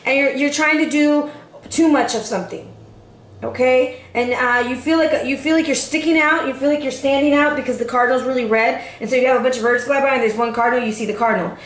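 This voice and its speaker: A woman's voice: sits high, fairly even intonation, fast talker, echoey room. A woman giving a casual tarot forecast straight to the viewer, sassy and chatty, calling her listener baby. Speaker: tarot reader.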